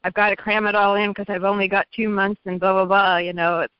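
A woman's voice: medium pitch, flat delivery, a little fast, clean tone, dry recording. A woman calling in to a radio show, talking casually with frequent fillers and laughs. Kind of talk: call-in radio talk. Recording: dry, dull lo-fi sound.

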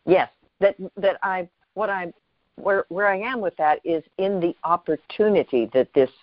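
A host talking reflectively about spiritual ideas, with searching, halting phrasing. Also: mid-range voice, dry recording, lo-fi sound.

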